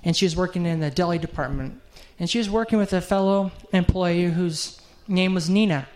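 A man's voice: sits high, a little fast, a little mellow. A middle-aged man preaching a sermon, telling a heartfelt story in an earnest way and closing in prayer.

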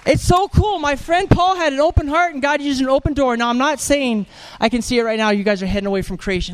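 High-voiced animated man preaching. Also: fast talker, hardly any pauses. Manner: animated, joking storyteller acting out voices. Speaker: evangelist preacher. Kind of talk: sermon with storytelling. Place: church.

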